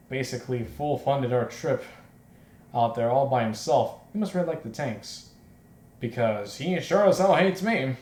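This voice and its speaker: A man's voice: medium pitch, darkish tone. A man hosting a let's play, reading the story aloud and rambling in chatty asides. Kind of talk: casual game commentary and reading. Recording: echoey room with faint noise.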